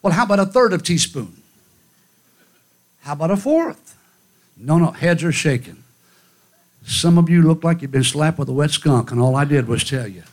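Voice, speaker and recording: Fiery high-voiced male preacher. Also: fairly quick. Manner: fiery, emphatic, rhythmic repetition. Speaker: guest preacher. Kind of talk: revival sermon. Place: church conference hall.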